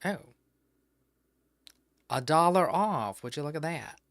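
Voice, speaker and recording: A man's voice: on the high side, animated, slow pace, gravelly, fairly bright tone, no room sound, studio quality. A man streaming from home who chats casually, rambles to himself, and swears freely. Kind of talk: casual live-stream chat.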